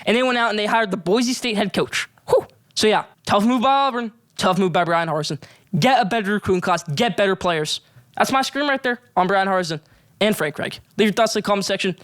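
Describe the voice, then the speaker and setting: A man's voice: high-pitched, expressive, brisk, a bit bright. A man hosting a sports podcast, ranting emphatically about football coaches and players. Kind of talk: solo sports rant.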